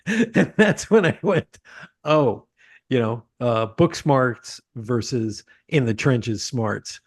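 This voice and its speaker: Male host, animated storyteller, laughs easily, conversational. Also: mid-range voice, takes it slowly. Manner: animated storyteller, laughs often, many uh fillers. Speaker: podcast host. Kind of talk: casual interview chat.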